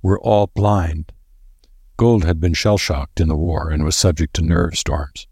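A man narrating an audiobook with a steady, even reading. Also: a bass voice, normal speed, breathy edge, dry recording, clean studio sound.

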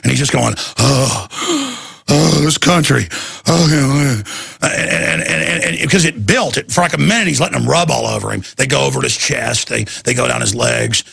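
A man's voice: medium pitch, fairly quick, vocal fry, hardly any pauses, sharp tone, husky, dry recording, clean studio sound. A man hosting a talk show, rambling through a casual monologue with restarts and acted-out quotes.

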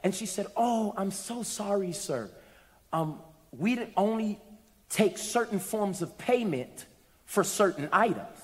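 A man with a notably high voice preaches a sermon. He tells stories with playful asides and climbs into loud, shouted moments. His voice carries long echoes through a large hall. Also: animated, takes it slowly.

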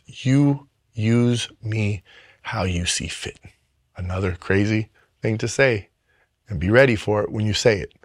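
A man in ministry telling his personal faith testimony in an earnest, emotional way, often halting and restarting his sentences. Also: medium pitch, no echo, clean studio sound. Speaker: ministry worker sharing testimony.

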